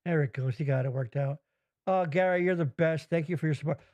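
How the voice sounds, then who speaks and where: A man's voice: fairly high pitch, brisk, darkish tone, dull audio. A man hosting a podcast in casual chat, rambling and swearing freely, laughing often. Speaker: podcast host.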